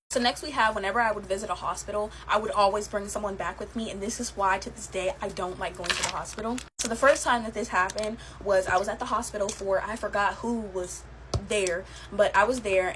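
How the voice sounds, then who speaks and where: A woman's voice: mid-range voice, background noise. A young woman telling her own eerie stories in a casual, chatty way, with many fillers and laughs. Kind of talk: casual storytelling to camera.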